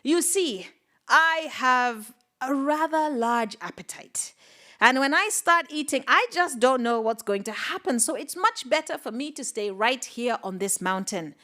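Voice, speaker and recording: A woman storyteller voicing a hungry male fire spirit who is slow and reluctant, speaking low and weighty. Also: lively intonation, bright, forceful tone, heavily acted.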